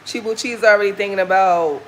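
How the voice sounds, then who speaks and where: A Southern American woman chats candidly to her camera as she walks, her voice sitting in a middle pitch. Traffic and steady outdoor noise run clearly under her voice. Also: brisk, rough recording. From Southern United States. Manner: candid, chatty, folksy. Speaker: vlogger. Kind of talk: casual chat while walking. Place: outdoors on a walk.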